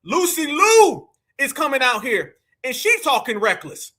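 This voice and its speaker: A man hosting a live stream, reacting to clips in a loud, mocking way and often calling out to his audience. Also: very high voice, big pitch swings, a little slow. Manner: loud, mocking, keeps addressing "family".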